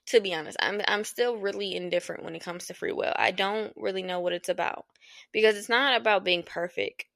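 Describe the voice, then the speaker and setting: A woman chats through her solo podcast at home, frank and loose with her swearing, often breaking into laughs. Her voice carries a steady gravelly fry, and the sound is close and dry with no room around it. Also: medium pitch, no room sound. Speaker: podcast host. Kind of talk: casual solo podcast chat. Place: at home in an apartment.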